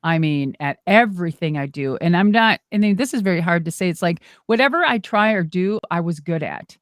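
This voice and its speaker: A middle-aged woman telling stories in an interview in a lively, rambling way, acting out the voices she quotes and swearing casually. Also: fairly low pitch, fairly quick, no echo, studio quality. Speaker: guest, former wrestler and monster truck driver.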